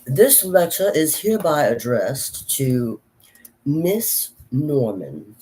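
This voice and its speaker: A woman reading an official letter aloud in a put-on British accent, slow and stiff. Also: sits low, big pitch swings, mellow, slight background noise, heavily acted, poor audio. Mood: formal.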